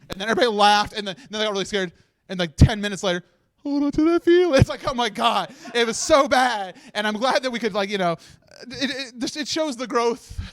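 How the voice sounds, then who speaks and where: A man with a high, smooth voice gives a halting, tearful thank-you speech on a marathon stream set. He keeps restarting his sentences and laughs through his tears. The sound is dry and close. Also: fairly bright tone, dry recording. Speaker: marathon organizer giving closing speech. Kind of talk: emotional live speech. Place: stage set of a charity marathon livestream.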